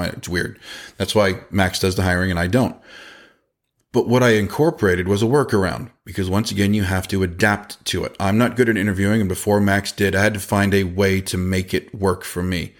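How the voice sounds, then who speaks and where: A man in his forties hosting a casual podcast, giving advice with quick asides and a storyteller's energy. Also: low voice. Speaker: podcast host and business owner.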